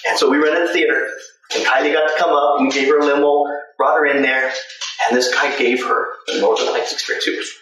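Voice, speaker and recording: A man's voice: mid-range voice, fairly even intonation, brisk, sharp tone, a little hiss or hum. A middle-aged man casually telling long anecdotes about mascot work, with many "and, uh" fillers between thoughts. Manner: rambling anecdotes with frequent "and, uh" fillers. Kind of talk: casual spoken storytelling. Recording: very echoey room, mic at a distance.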